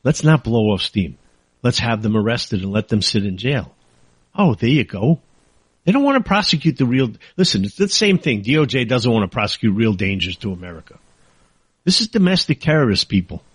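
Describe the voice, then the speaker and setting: A man's voice: lowish voice, animated, brisk, slightly rough, no echo. A man hosting a political talk show, ranting angrily and sarcastically in a monologue. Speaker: talk radio host.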